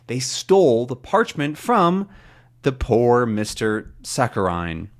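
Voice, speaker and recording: Man, English teacher, very slow pace, lively pitch, explaining a comic for learners. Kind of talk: reading a comic aloud for learners.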